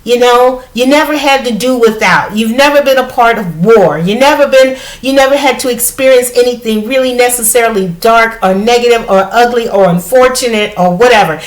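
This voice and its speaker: A middle-aged woman from the United States giving a casual spiritual tarot reading, chatty and animated, often checking in with "okay?". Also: on the high side, fairly quick, few pauses, poor audio. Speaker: tarot reader.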